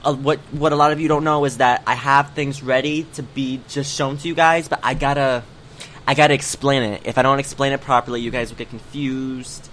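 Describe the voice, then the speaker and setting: A man's voice: mid-range voice, steady tone, fairly quick, fairly bright tone, a little hiss or hum. A man co-hosting a casual gaming podcast, chatty and rambling, with lots of fillers and restarts. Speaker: podcast co-host.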